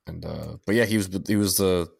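A man's voice: sits low, a little fast, gravelly, breathy edge, no room sound, clean studio sound. A man co-hosting a podcast in casual chat, rambling and swearing freely, often restarting his sentences. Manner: rambling, profane, restarts a lot. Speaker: podcast co-host.

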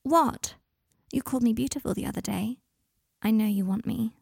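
A woman's voice: a little high, moderate pace, vocal fry, a little mellow, breathy edge, dry recording. Storybook role: a woman playing a clingy, drunk teenage girl, sing-song, in a dry close recording. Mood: tipsy. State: tipsy.

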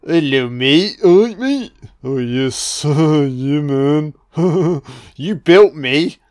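A man's voice: animated, drawn-out words, a little mellow, no echo, clean studio sound. A man voicing a laid-back, friendly male snowman who keeps calling everyone mate. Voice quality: mumbled, low, chummy with lots of "mate".

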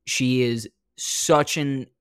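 A man co-hosting a hockey podcast, delivering an earnest, emphatic shout-out. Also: mid-range voice, steady tone, very slow, clear, resonant tone, no echo. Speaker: podcast co-host. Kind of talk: read-out shout-out.

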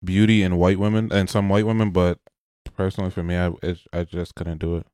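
A man in a casual chat, laid-back, often trailing off quietly. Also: low-pitched, flat delivery, a little fast, no room sound, studio quality.

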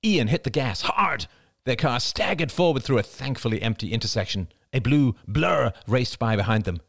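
A man narrating an audiobook chapter in a lively, expressive reading. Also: medium pitch, normal speed, vocal fry, no room sound, studio quality.

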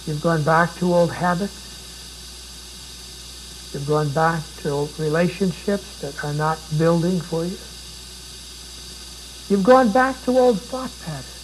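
Guy preaching, kinda high voice, pleading, keeps asking where are you, bit of hiss. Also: rough recording. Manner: dramatic, pleading, repeated rhetorical questions. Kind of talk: sermon.

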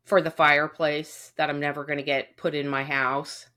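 A woman's voice: sits low, level tone, normal speed, pushed and bright. A woman chatting casually on a podcast, venting with plenty of swearing and acting out what people said. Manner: venting, profane, acts out quotes. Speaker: podcast co-host. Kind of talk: casual chat.

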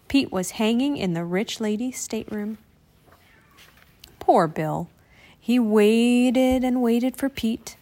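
A woman reading a children's picture book aloud in an expressive, animated way. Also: on the high side, slow, long pauses. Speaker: storybook reader.

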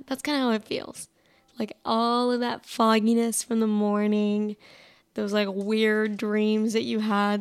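A woman's voice: fairly high pitch, clear, resonant tone. A young woman hosting a solo podcast, talking casually and rambling with lots of fillers and restarts. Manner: rambling, many fillers and self-interruptions. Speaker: podcast host.

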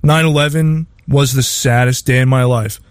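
A man's voice: medium pitch, steady tone, moderate pace, dry recording, studio quality. A man hosting a casual podcast chat, telling anecdotes and chuckling often as he goes. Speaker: podcast host.

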